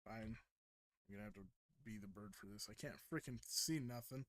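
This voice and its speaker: A man's voice: on the low side, a little fast, a bit bright, no room sound. A young man casually commenting while he plays a game, rambling and often correcting himself mid-sentence. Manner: rambling, hesitant, self-correcting. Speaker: streamer.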